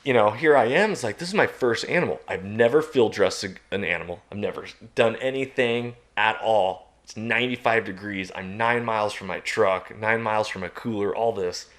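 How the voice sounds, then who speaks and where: A man guest on a podcast, telling a story in a casual, animated way and chuckling at himself. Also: on the low side, moderate pace, few pauses. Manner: animated, self-mocking, chuckles at his own story.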